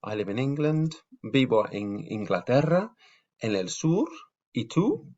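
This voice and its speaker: A man's voice: medium pitch, animated, unhurried, darkish tone, dull audio. A man teaching a beginners' language lesson in a patient, step-by-step way, with frequent ums. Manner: patient, explains step by step with fillers. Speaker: Spanish teacher. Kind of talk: casual video lesson.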